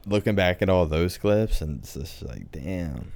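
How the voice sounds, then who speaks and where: A young man co-hosting a podcast, talking in a slow, reflective way and swearing often. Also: deep voice, lively intonation, vocal fry, a little mellow. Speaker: podcast co-host. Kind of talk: casual chat.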